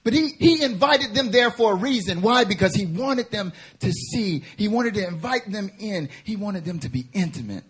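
Male preacher, high husky voice, fervent sermon delivery that swells into passionate appeals. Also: expressive, normal speed, hardly any pauses. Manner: builds from quiet teaching to fervent, rising preaching. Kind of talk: sermon at a prayer meeting.

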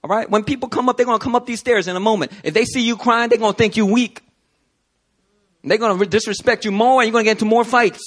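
A man's voice: high-pitched, steady tone, quick pace, a bit bright, voice pushed up. A man voicing a firm but caring Trinidadian woman schoolteacher, scolding and comforting a crying boy.

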